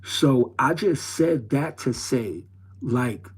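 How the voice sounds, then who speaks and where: A middle-aged New York City man tells a personal story on his livestream, rambling in a streetwise way and repeating his phrases. His mid-range voice is expressive and slightly rough, and he speaks at a slow pace.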